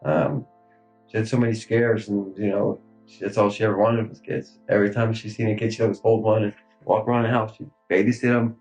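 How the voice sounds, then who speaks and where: Grieving man, thirties, lowish voice, halting speech full of fillers, faint music underneath. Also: little pitch movement, a little mellow, poor audio. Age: 30s. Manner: halting, grief-stricken, many fillers and trailing pauses. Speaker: interviewee. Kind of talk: recorded police interview.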